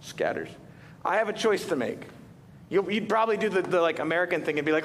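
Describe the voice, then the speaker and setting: A man preaching a sermon as a pastor, telling a story in an animated way and putting rhetorical questions to the congregation. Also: fairly quick. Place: church sanctuary. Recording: reverberant hall with faint rumble.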